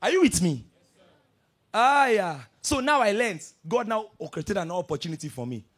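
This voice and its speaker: A male pastor preaching a sermon, telling stories with energy and swinging between soft asides and loud declarations. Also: high voice, very animated, normal speed.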